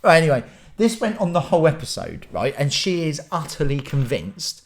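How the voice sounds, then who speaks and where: A man's voice: fairly high pitch, very animated, a little fast. A man in his thirties, casually telling a story as a vlogger, with laughter, swearing and a skeptical tone. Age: 30s.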